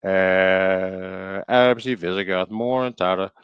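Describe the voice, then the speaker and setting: A man's voice: low voice, level tone, clear, resonant tone, no room sound, highs cut off. A man streaming live, reading aloud from an old book, stumbling over words and breaking off into jokey asides. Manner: reads aloud haltingly, stumbling over words and riffing jokingly.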